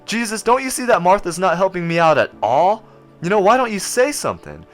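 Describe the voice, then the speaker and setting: A man doing a harried housewife in a retold scripture story, her voice pitched high and pushed louder as she complains indignantly. Faint music plays underneath. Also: very animated, fairly quick. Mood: exasperated. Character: flustered busy housewife, exasperated woman.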